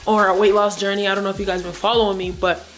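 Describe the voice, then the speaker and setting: A woman's voice: mid-range voice, flat delivery, quick pace, a bit bright, slight background noise, low-quality recording. Playful slangy young woman vlogger. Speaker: couple vlogger. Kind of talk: casual banter. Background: music.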